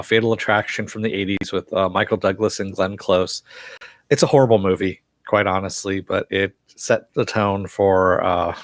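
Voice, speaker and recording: Guy rambling thru a tv recap live, lowish voice, dry close sound, lots of uhs. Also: no echo. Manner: rambling with frequent fillers and chuckles. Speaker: TV show reviewer.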